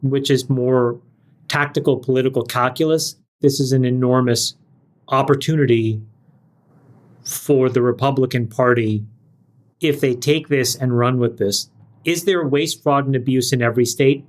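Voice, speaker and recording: A man co-hosting a podcast panel, making his points in an emphatic, measured way. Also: medium pitch, steady tone. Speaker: podcast co-host. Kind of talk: casual panel chat.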